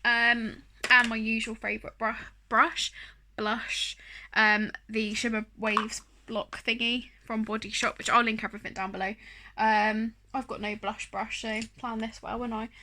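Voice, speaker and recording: A woman's voice: a little high, little pitch movement, measured pace, bright, forceful tone, a little hiss or hum. A woman chatting casually through a makeup tutorial, rambling and self-deprecating, with plenty of fillers. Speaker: beauty vlogger.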